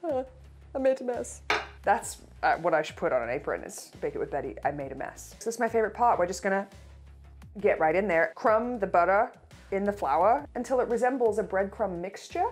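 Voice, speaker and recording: A woman's voice: medium pitch, expressive, a little fast, soft background music. A woman, hosting a casual baking tutorial, chatty and playful with jokey asides. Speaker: host of a baking show.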